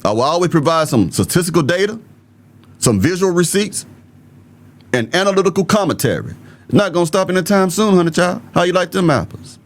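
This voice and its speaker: A man's voice: high-pitched, sing-song, a little fast. Blunt Southern man giving commentary. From Southern United States. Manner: blunt, emphatic, colloquial talk straight to viewers. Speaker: political commentary host. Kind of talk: opinionated video commentary.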